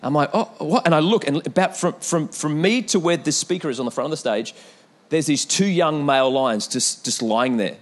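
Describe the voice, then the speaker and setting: Man, young adult, pastor, animated sermon, repeated calls to the congregation, slightly high voice. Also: moderate pace. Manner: animated preaching with repeated calls and storytelling asides.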